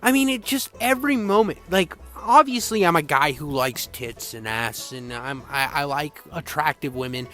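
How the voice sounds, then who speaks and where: A young man giving an excitable, crude, slang-filled game retrospective in casual rambling style. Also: fairly high pitch, normal speed, hardly any pauses. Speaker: game reviewer.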